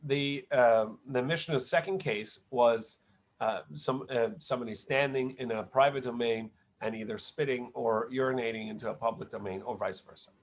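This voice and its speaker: A rabbi talks a class through a Talmud passage in an ordinary, mid-pitched man's voice. He explains patiently but haltingly, restarting phrases and filling pauses with "uh" and "um". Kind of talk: online Talmud lecture. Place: home setup, online class.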